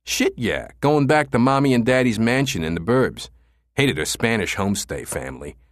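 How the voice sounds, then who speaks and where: Here a man voices a mocking, foul-mouthed young punk, loud and cocky, in a mid-range voice set a bit above his own but still close to how he normally talks. Intonation is lively and the pace normal, captured in studio quality with no room sound.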